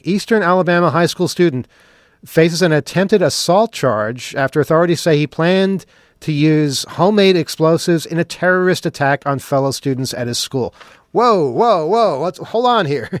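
A man's voice: fairly high pitch, no room sound, clean studio sound. Sarcastic man on a talk show. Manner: sarcastic, mock-questioning, then earnest. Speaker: podcast host. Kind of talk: opinionated talk show monologue.

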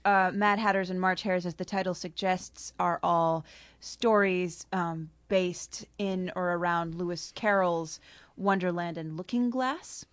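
A woman's voice: lowish voice, fairly even intonation, a little slow, no room sound. A woman author, chatting casually with frequent laughs about her story, then reading from it. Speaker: author guest.

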